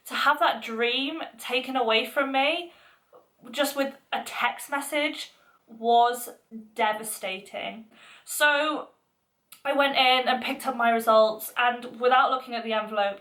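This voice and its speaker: A woman's voice: on the high side, pushed and bright. A young woman vlogger chatting through a personal story in a casual, filler-heavy, emotional way. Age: young adult.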